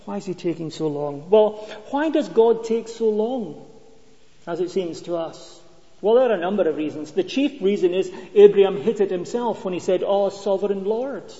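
Here a man from Scotland delivers a sermon, his mellow voice sitting high and sounding animated at a moderate pace. He weaves stories and conversational rhetorical questions for the congregation. The sound is lo-fi and dull, with a long reverb tail.

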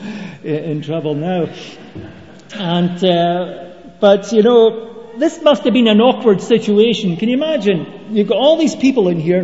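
Preacher in an echoey hall. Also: male voice, on the high side, warm tone. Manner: conversational preaching with rhetorical questions. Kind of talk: sermon. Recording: dull echoey hall recording.

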